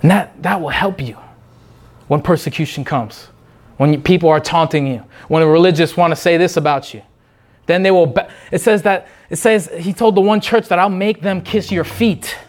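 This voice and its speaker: A man preaching an unscripted sermon, fervent and repetitive, breaking into quick voices of the people he describes. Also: on the high side.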